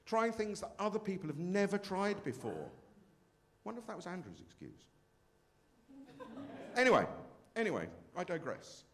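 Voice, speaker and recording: A man's voice: sits high, big pitch swings, moderate pace, long pauses. A man performing a brash, self-mocking stand-up comedy set on a club stage.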